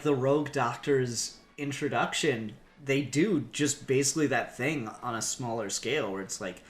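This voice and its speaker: A man's voice: medium pitch, fairly bright tone. A man co-hosting a casual podcast, rambling with many ums and restarts and frequent swearing. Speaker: podcast co-host.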